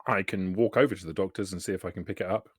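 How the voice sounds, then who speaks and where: A man's voice: low-pitched, very fast, breathy edge. A man voicing an eager, polite male robot dog with prim, proper speech.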